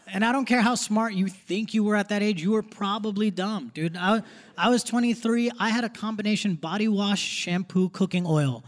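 A man's voice: high-pitched, normal speed. A young man doing live stand-up comedy on a theater stage, casual and punchy, laughing as he goes. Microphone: stage microphone. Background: audience laughter.

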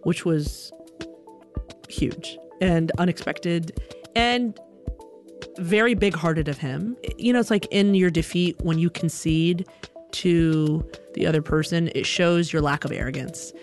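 A young woman tells a funny personal story with lively animation, jumping into other people's voices. Soft music sits faintly under her. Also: lowish voice, slow.

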